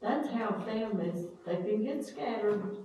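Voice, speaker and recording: An older woman with a drawl reminisces about family, slow and unhurried, pausing to hunt for names. Her voice is mellow and dark. She sounds distant from the mic in a very echoey room with a faint background hiss. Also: medium pitch, lively intonation. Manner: rambling, searches for names aloud. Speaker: family storyteller.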